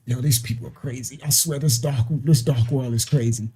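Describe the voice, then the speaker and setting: A man's voice: medium pitch, unhurried, mellow, soft background music. A man hosting a ministry channel, talking through a case in casual commentary, laughing often and stumbling over repeated words.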